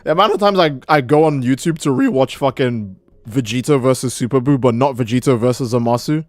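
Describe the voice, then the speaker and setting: A man's voice: medium pitch, brisk, dry recording. A man streaming live, ranting in a heated, profane way and often restarting his sentences. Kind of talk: casual live-stream rant.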